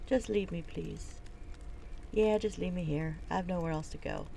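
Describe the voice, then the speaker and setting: A woman's voice: on the low side, measured pace, vocal fry, mellow, slight background noise, low-quality recording. A woman reading a bitter halfling beggar. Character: bitter small halfling beggar, homeless and proud.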